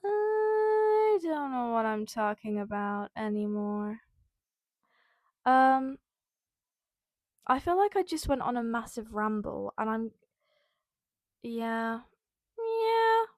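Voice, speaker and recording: A woman's voice: fairly high pitch, no room sound, studio quality. A young woman, hosting a casual personal podcast, rambling with many fillers and near tears. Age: young adult. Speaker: podcast host.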